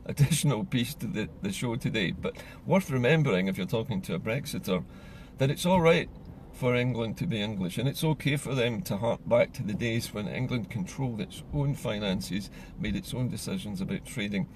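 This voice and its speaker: A man from Scotland giving an earnest, measured solo monologue as a political commentator. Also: medium pitch, slight background noise.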